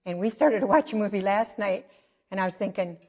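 A middle-aged woman giving a conversational sermon, telling self-mocking stories with lively asides. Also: mid-range voice, fairly quick, slightly rough. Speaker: church speaker. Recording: dull, echoey hall recording.

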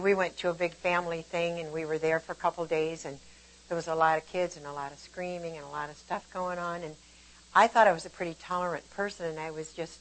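A woman's voice: on the low side, rough recording. Grandmotherly woman teaching a Bible class. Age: older. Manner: animated storytelling, laughs often. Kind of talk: informal sermon.

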